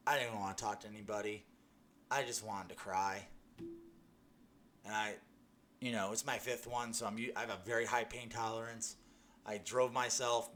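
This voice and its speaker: A man's voice: lowish voice, sharp tone, a little hiss or hum. A young man giving a personal faith testimony, telling his story earnestly with many restarts and "you know"s. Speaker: testimony speaker.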